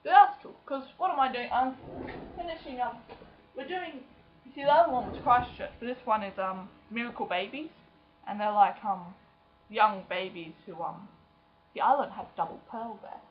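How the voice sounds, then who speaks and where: A young woman chats to her webcam in a slightly high voice, joking at her own expense and slipping into little impressions of friends. The sound is dull and lo-fi, like a cheap built-in mic. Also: moderate pace, slight background noise. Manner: chatty and self-mocking, acting out friends' voices. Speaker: vlogger. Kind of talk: casual chat to camera.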